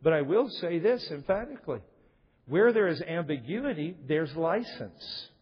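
A man's voice: fairly high pitch, very animated, a little slow, husky. A middle-aged male pastor preaching a sermon in a church, emphatic, asking rhetorical questions and quoting scripture. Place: church sanctuary. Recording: lo-fi echoey church recording.

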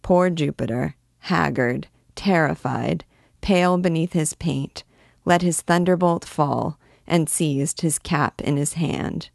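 A woman reading a classic novel aloud, measured and expressive, lifting her voice for quoted shouts. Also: low-pitched, creaky, no echo, studio quality. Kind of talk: read-aloud narration.

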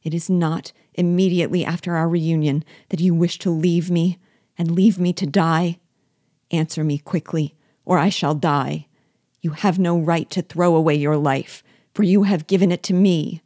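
A woman's voice: fairly low pitch, steady tone, a little slow, hardly any pauses, dark tone, husky, dry recording, clean studio sound. A woman reading as a terrified, pleading young wife. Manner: pleading, anxious questions.

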